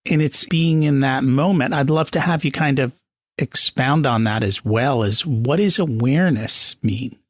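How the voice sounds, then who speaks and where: A man's voice: medium pitch, unhurried, no echo, studio quality. A man hosting a podcast who asks curious follow-up questions. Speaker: podcast host. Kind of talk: interview conversation.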